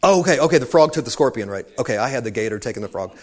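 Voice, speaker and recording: A man's voice: mid-range voice, animated, racing, darkish tone. A man preaching an informal sermon, talking conversationally and wandering into asides, calling his listeners saints.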